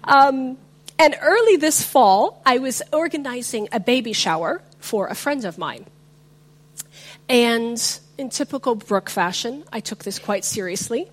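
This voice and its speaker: Slow, lively-voiced woman preacher. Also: on the high side. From not from the US. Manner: reflective, self-deprecating, with filler words. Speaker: speaker giving a talk. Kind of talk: sermon-style talk with personal story.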